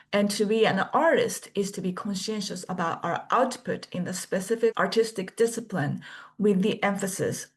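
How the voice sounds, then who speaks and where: Measured woman instructor reading a lecture. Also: medium pitch, slightly rough. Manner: measured, deliberate delivery with pauses between list items. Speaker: course instructor. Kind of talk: scripted orientation lecture.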